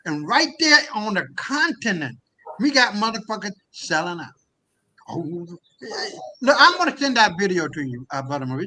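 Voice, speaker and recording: A man from the United States, a guest in a discussion, talking in a heated, impassioned rant that often rises toward a shout. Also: sits high, slight background noise, poor audio. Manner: impassioned, profane, often raising his voice to near shouting. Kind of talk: heated ranting talk.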